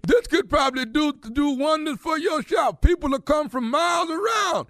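A man's voice: very high-pitched, animated, normal speed, a bit bright, no echo, studio quality, full character voice. A man playing a stubborn blind job seeker. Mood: insistent. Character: blind adult man demanding a barber job, stubborn and combative. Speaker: radio prankster. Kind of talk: prank phone call role-play. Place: radio studio. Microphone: studio microphone.

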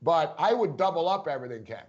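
A man with a New York accent co-hosting a casual sports podcast, talking fast and rambling, with frequent laughs. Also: a little high, very animated. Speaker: podcast co-host. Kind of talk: casual chat. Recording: dull lo-fi audio.

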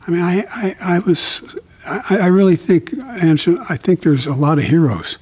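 An older man as an interview guest, speaking slowly and haltingly with many fillers while reflecting on grief. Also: sits high, darkish tone. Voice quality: gravelly, husky. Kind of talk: reflective conversation about grief.

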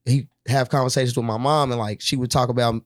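A man from Kentucky tells a story on a podcast in loose, slangy talk, jumping into other people's voices as he goes. His voice sits at an ordinary pitch and is recorded close and dry, with no room sound. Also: fast talker, no room sound. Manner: animated, slangy, acts out quotes in other voices. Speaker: rapper guest.

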